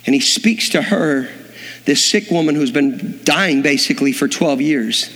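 A man's voice: fairly high pitch, a little slow, fairly bright tone. A man preaching a sermon, telling the story dramatically and acting out the voices of the people in it. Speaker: pastor. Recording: long hall reverb.

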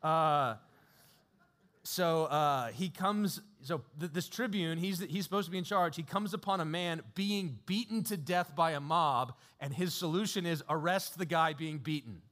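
A man delivering a sermon in a high-ish voice that sounds casual and conversational. He tells the story with frequent chuckles and hesitations. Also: unhurried, a bit bright. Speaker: preacher.

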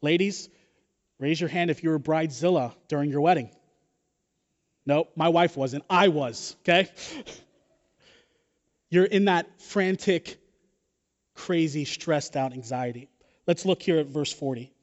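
A male pastor preaches his sermon with a lively, joking storytelling manner. His voice sits a little high. The sound is dull and carries a long reverb from the hall. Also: unhurried, pauses often.

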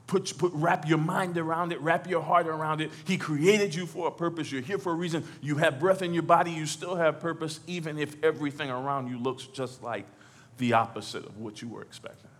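High-pitched animated male preacher. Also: a little fast, husky. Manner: animated, rises to shouts and drops low; stammering repeats, playful asides. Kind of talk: sermon. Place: church.

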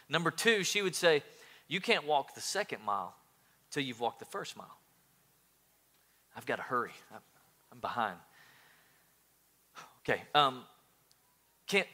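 A man preaching a sermon as pastor, animated, often repeating words and swinging between loud and soft. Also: a little high.

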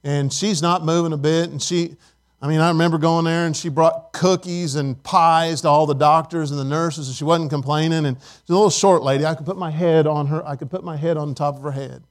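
A middle-aged man preaching a sermon, swinging between loud emphasis and soft, hushed asides. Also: a little high, steady tone, a little fast. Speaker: pastor.

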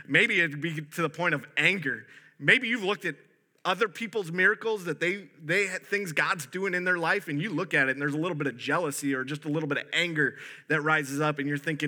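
A man preaching a sermon in an easygoing, animated way, stopping and restarting sentences as he goes. His voice is very bright and sits a little high for a man. He sounds like a pastor talking straight to his congregation. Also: moderate pace. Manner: conversational, animated, with frequent restarts.

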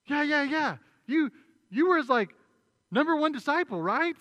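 A man voicing an excitable male bystander who needles and accuses in a high, loud, fast voice. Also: full character voice. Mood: accusing. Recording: long reverb in a large hall.

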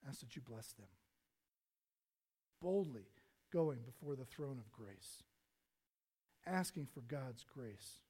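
This preacher's husky, mid-range voice moves slowly and expressively, with long pauses, rising to full volume before dropping to near a whisper. He earnestly acts out prayers and figures from the Bible in his sermon.

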